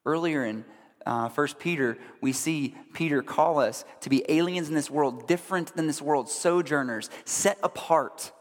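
A man's voice: a little high, normal speed. Male pastor preaching in a reverberant hall. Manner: conversational storytelling, asks the audience questions. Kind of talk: sermon.

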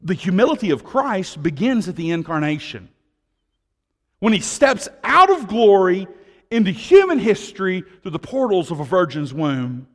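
A man preaching a sermon as pastor, swinging from loud declarations to hushed tones, with conversational asides to the congregation. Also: high voice, very animated, moderate pace, in a large hall.

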